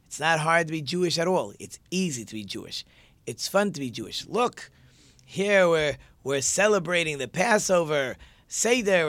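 A man's voice: a little high, fairly bright tone, no echo. A male teacher giving a conversational religious lesson and posing rhetorical questions to his listeners.

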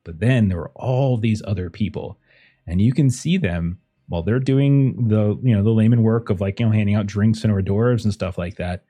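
A man narrating scenes as game master, in a casual, rambling way full of fillers. His voice is low and mellow. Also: normal speed.

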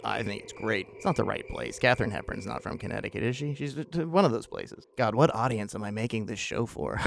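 A man's voice: lowish voice, animated, fairly quick, creaky, hardly any pauses, dry recording, clean studio sound. A man hosting a podcast, giving an opinionated, rambling solo film review with wry asides.

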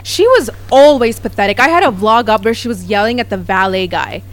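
A woman and vlogger telling gossip stories in a lively casual chat, often quoting others. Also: a little high, a little fast. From United States. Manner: animated storytelling, quoting others.

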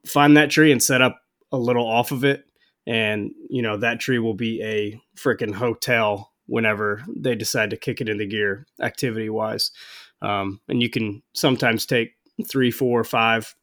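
A man's voice: lowish voice, a bit bright. A man hosting a casual hunting podcast, talking in a laid-back, rambling way with fillers and the odd slip. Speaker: podcast host.

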